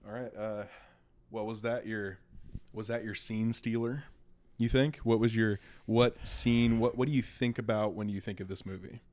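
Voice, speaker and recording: Young male co-host, lowish voice, loose and rambling, quick to laugh. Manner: animated, rambling, laughs often. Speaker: podcast co-host, son. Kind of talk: casual chat.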